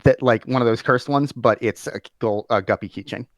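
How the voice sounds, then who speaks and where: A man running a tabletop game as game master, narrating casually with halting restarts. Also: mid-range voice, no echo. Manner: casual, halting, many fillers.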